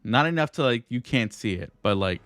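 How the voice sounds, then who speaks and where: A man running a tabletop game as game master, halting and full of fillers and checking questions. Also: mid-range voice, expressive, a bit bright. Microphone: streaming setup.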